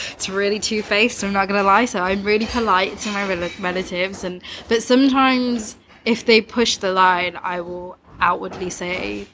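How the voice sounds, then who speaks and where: A woman's voice: medium pitch, steady tone, unhurried, a bit bright, a little hiss or hum. Chatty young woman. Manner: chatty, laughs often, acts out quoted voices. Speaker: podcast guest. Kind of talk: casual conversation.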